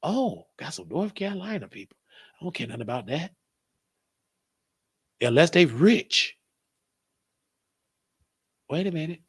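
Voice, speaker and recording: A man hosts his own live-stream show in a loose, rambling monologue, cracking jokes and thinking aloud. His voice sits somewhat high and swings widely up and down, and the sound is dry and close. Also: very animated, a little slow, long pauses, breathy edge, no echo. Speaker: show host.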